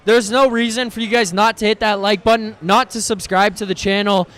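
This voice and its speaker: A man's voice: sits high, fairly even intonation, brisk, a bit bright. A man hosting a live post-game reaction stream, ranting in a heated, profane, exasperated way, often stumbling over his words as he restarts.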